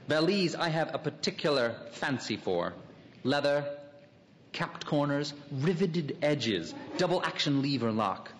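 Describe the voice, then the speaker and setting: A man's voice: fairly high pitch, slight background noise. Man cast as a drifting, wry middle-aged canvasser for a radio drama; reverberant hall sound. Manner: drifting inner monologue, wry asides. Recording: long hall reverb, faint ambience.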